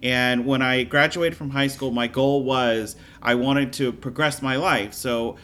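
A man from Louisiana who tells stories in a chatty, animated way during a casual interview. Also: mid-range voice, a little slow.

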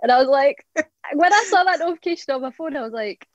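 A young woman with a Scottish accent chats as a podcast guest. Her voice sits a little high and the sound is dull and dry. She talks in a bashful, easy-laughing way. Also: expressive, quick pace, dry recording. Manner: bashful and chatty, laughs easily. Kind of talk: casual podcast chat.

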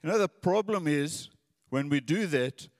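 A man's voice: fairly high pitch, animated, measured pace, a little mellow, no room sound, clean studio sound, long reverb tail. A man preaching a sermon in an earnest, conversational way, often repeating his words.

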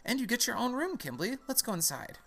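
A man putting on a sweet, fussing young game mother, speaking in a high, swooping singsong as she dotes on her child. She stays bright and gentle throughout. Faint game music plays behind her. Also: very animated, a little fast, vocal fry, full character voice. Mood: doting.

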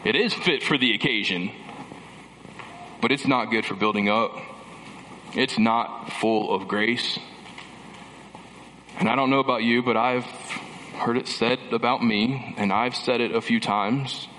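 A man's voice: medium pitch, a little slow, long pauses, pushed and bright. A man preaching a sermon in a church, emphatic, building through repeated phrases, with dry sarcastic asides. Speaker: pastor. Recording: long reverb of a large hall with faint background noise.

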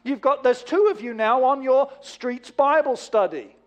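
A man, a pastor preaching a sermon, rising to emphatic bursts and then dropping low and quiet. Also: measured pace. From England.

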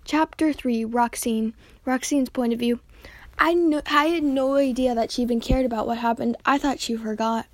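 Woman, high voice, halting read-aloud of a homemade story, dry close recording. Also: fairly even intonation, no room sound. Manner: halting reading with frequent slips and restarts. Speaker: reader.

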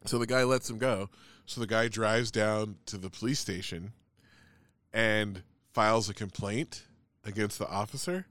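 A man's voice: lowish voice, a little slow, a bit bright, dry recording, studio quality. A man in casual chat, telling a long story in a rambling way, full of "like" and swearing.

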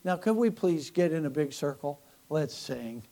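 A fairly high-voiced man preaches to his congregation in an animated way. He swings from loud, forceful lines to quiet, joking asides and leans on mocking humor. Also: moderate pace. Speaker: pastor. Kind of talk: sermon.

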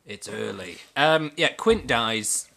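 A man hosting a casual, sweary film chat, animated and prone to restarting his thoughts. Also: mid-range voice, slow pace, creaky.

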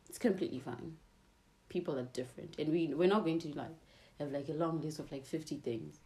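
A woman's voice: low voice, a little fast, mellow. A young woman co-hosting a casual chat podcast, giggly and rambling, recorded on a phone. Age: young adult. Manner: giggly, rambling with many likes. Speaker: podcast co-host.

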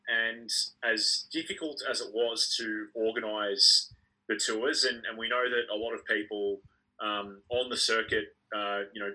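A man's voice: fairly low pitch, sharp tone, low-quality recording. A man co-hosting a sports podcast, speaking thoughtfully and hesitantly with many ums. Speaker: podcast co-host. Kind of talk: casual sports podcast chat.

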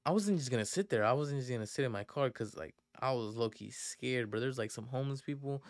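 A man's voice: medium pitch, fast, no echo. A young adult man hosting a podcast, telling a story casually in profane slang that rambles and restarts often. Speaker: podcast host.

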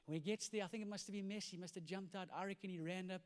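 A man preaching a sermon as pastor, telling the story in an animated way and swinging from loud to hushed. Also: high-pitched, racing, clear, resonant tone. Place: church hall. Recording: reverberant church hall.

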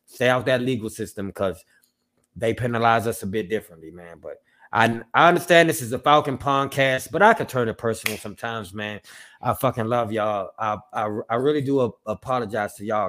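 A man's voice: medium pitch, brisk, a bit bright. Emotional, apologetic male podcast co-host. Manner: emotional, apologetic, profane, repetitive. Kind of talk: emotional personal monologue.

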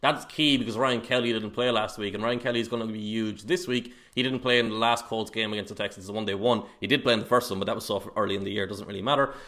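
A man's voice: fairly low pitch, fairly even intonation, fast talker, few pauses, bright, forceful tone. A man co-hosting a casual sports podcast, rambling through football analysis with frequent laughs. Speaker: podcast co-host.

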